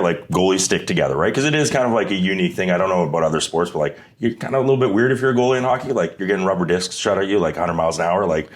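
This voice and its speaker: A man's voice: low-pitched, rapid-fire, few pauses. A man on a podcast as a guest, telling a story in a loose, rambling way and leaning on "like" and "right?". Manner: grows loud and animated when retelling banter. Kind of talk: casual storytelling.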